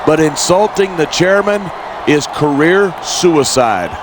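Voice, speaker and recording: Grumbling ex-champ color commentator in a game, higher voice, over loud crowd. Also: male voice, animated, takes it slowly, background noise. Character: opinionated male ex-champion commentator, cocky. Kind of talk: scripted wrestling game commentary.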